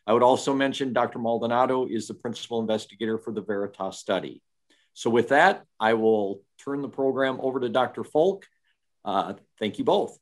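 Guy hosting a webinar, reads out the speaker intros, kinda formal, says uh a lot. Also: medium pitch. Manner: measured, formal, with fillers. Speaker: webinar moderator. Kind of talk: scripted introduction.

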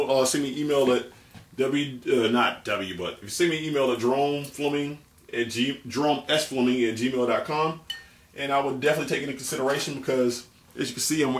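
A man rambles through a jokey home cooking demo, deadpan and playing at being tearful. His voice bounces around an echoey kitchen, with a faint hiss behind it. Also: medium pitch. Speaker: home cooking show host. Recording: echoey room, faint noise.

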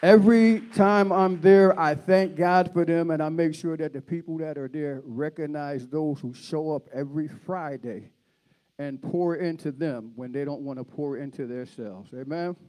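Guest preacher, a man, lively call-and-response delivery. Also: on the high side, normal speed. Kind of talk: sermon.

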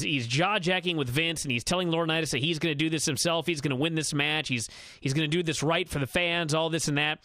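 A man recapping a wrestling match on a radio show, telling it in a quick, excited run with many fillers. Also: fairly high pitch, no echo. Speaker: wrestling analyst.

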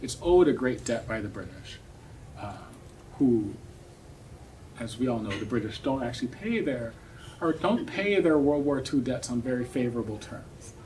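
A man giving an academic seminar talk, explaining in a thoughtful way with many pauses and tag questions. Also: mid-range voice, animated, mellow. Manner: thoughtful, explanatory, frequent "um" and "right?". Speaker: academic speaker. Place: seminar room. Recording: distant mic with faint noise.

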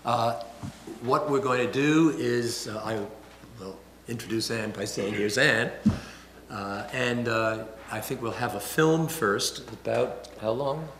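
A man hosting a breakfast talk series, introducing the guest speaker in a halting way with many pauses. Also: mid-range voice, a bit bright. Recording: roomy with light noise.

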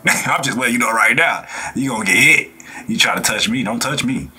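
A man hosting a reaction video, talking in a rambling, animated way and often laughing. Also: mid-range voice, moderate pace, husky. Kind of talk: casual reaction commentary.

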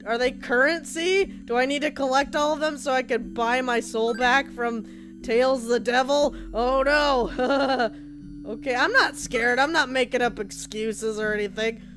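A woman's voice: sits high, a little slow, a bit bright, faint music behind. A woman commenting as she plays a horror game, joking along and shrieking at the scares. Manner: jumpy, shrieks at scares, jokey banter. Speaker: video game player.

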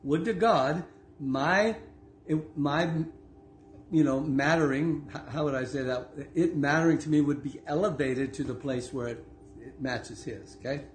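A man teaching from the Bible in a loose, conversational way, full of asides and little laughs. His voice sits a bit high for a man. The room sounds echoey, with a faint hiss behind him. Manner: conversational, laughs often, many asides and okays; slows down to read scripture aloud. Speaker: preacher. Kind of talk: casual online Bible teaching.

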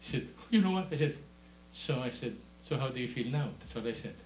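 Preaching briskly and with animation, a man moves from quiet, low asides to loud, high exclamations and laughs while telling stories. The room is echoey, with slight background noise.

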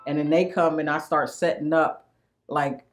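A woman giving casual comedic commentary to camera, telling animated stories, acting out the quotes and laughing often. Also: deep voice, moderate pace, faint music behind. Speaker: cast member.

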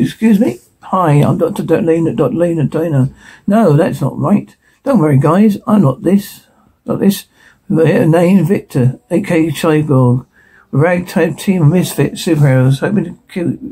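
Male solo dubber voicing the full cast; gravelly, husky, mellow tone, reads sound cues aloud. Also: on the high side, measured pace, poor audio. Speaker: voice performer. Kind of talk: solo dub of a TV scene.

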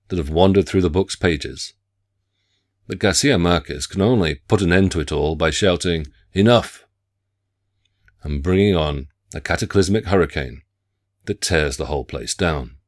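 A man delivering a scripted literature lecture in a measured, formal academic way. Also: low-pitched.

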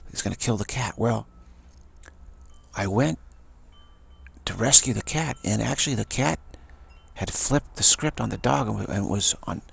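A man giving a loose, playful spiritual talk with many restarts and repeated words. His voice is low and heavily gravelly, with a husky, breathy rasp throughout. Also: a little slow, long pauses, fairly bright tone. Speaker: spiritual teacher.

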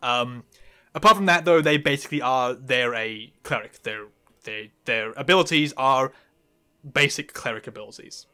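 A man's voice: medium pitch, moderate pace, sharp tone, smooth. A man guesting on a casual recorded discussion, talking with rambling enthusiasm and saying "like" often.

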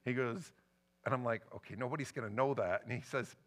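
A middle-aged man, a pastor, preaching a sermon and telling a personal story with lively emotional swings. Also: mid-range voice, brisk. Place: church sanctuary.

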